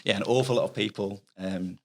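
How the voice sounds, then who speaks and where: A man's voice: fairly low pitch, fairly quick. A middle-aged man with a Mancunian accent, chatting earnestly as a guest author in a casual podcast interview. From Manchester, England. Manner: chatty, earnest, explains at length with restarts.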